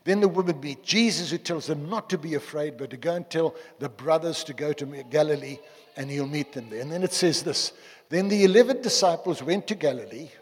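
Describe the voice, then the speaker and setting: A man preaching a sermon to a congregation, animated and joking with his listeners. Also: fairly high pitch, fairly quick, husky. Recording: long hall reverb.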